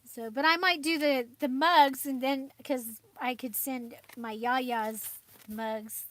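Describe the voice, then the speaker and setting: Chatty high-voiced woman crafting host. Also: steady tone, slow pace, fairly bright tone. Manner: chatty, rambling, with frequent fillers and laughs. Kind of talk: casual livestream chat.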